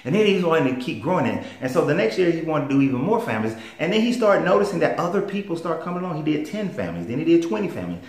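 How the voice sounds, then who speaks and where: A man's voice: a little high, sing-song, rapid-fire, hardly any pauses, darkish tone. A man with a Southern US accent, a life coach telling stories in a plain-spoken, emphatic motivational monologue. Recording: roomy echo.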